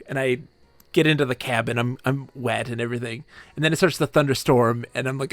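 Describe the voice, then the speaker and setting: A man streaming a game from home, casually retelling a story in an animated, rambling way full of asides. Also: mid-range voice, a little fast, no room sound. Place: home room.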